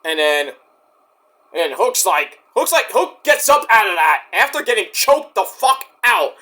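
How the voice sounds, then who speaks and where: Male wrestling reviewer, high and bright voice, excitable and profane recap delivery. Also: a little slow. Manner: excitable, profane, storytelling rant. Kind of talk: casual recap commentary.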